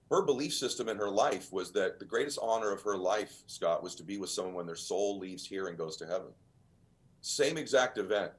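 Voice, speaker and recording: A man as a podcast guest, telling motivational stories in an earnest, emphatic, almost preacher-like way. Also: deep voice. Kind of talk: motivational storytelling.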